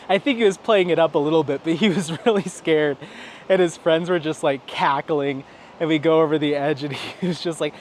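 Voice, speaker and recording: Out walking, a vlogger chats casually at normal speed, his voice a bit higher than most men's. His storytelling rambles along with quoted lines slipped in, while faint traffic murmurs in the background.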